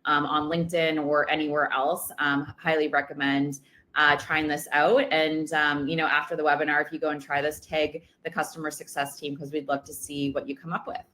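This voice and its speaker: A woman's voice: low-pitched, flat delivery, fairly quick, sharp tone. A woman presenting a product demo webinar in a casual way, with many ums and uhs.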